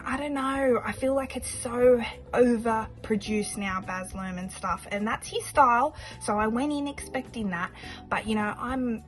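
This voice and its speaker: A woman chatting casually to camera in a vlog, rambling a little and pausing often with fillers and second thoughts. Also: mid-range voice, low-quality recording. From Australia. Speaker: budgeting vlogger.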